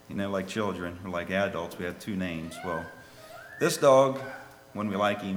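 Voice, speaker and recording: A man preaching a sermon and telling a children's story, swinging from soft, low asides to loud, high pleas. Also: measured pace, long pauses. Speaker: lay preacher. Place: church. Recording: echoey hall with faint ambience.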